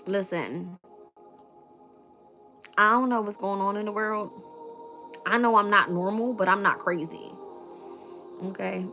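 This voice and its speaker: A woman's voice: mid-range voice, moderate pace, pauses often, faint music behind. A woman hosting a tarot channel in a casual live-stream chat, blunt and profane and laughing often. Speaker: tarot reader and channel host.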